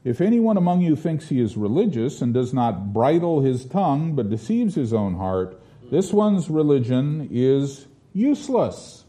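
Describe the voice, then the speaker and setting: A man preaching a sermon, reading scripture aloud with forceful declamation and talking it through in between. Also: medium pitch, big pitch swings, a little slow.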